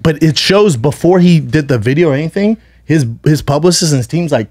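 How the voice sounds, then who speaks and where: A man's voice: on the high side, lively intonation, a little fast, darkish tone, slightly rough, no room sound, studio quality. A man co-hosting a podcast, telling a long story in casual chat, rambling and acting out what people said, swearing freely. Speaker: podcast co-host.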